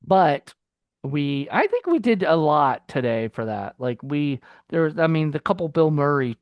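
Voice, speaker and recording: A man's voice: a little high, sing-song, unhurried, no echo, dull audio. A man co-hosting a film review podcast in casual chat. He rambles loosely, with many fillers and restarts.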